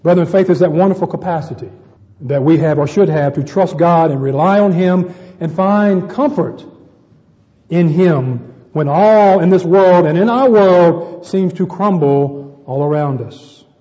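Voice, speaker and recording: A man's voice: a little high, a little slow, mellow, big-room sound, muffled recording. A man preaching a sermon to a congregation, addressing them as brethren and often repeating words as he searches for the next.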